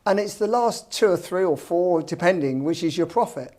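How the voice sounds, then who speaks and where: Blunt British male developer, slightly raised pitch, anecdotal and wry. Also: animated, moderate pace, darkish tone. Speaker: property developer guest. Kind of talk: casual podcast chat.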